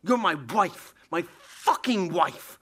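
An actor playing Leonard, a betrayed husband in a radio play, bitter and sarcastic. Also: male voice, high voice, animated, takes it slowly, a bit bright, breathy edge, exaggerated voice. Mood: furious.

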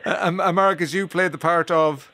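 Jokey radio host. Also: male voice, sits high, fairly even intonation, normal speed, pushed and bright, no room sound. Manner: jokey, laughs often, stammers. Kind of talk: casual radio interview.

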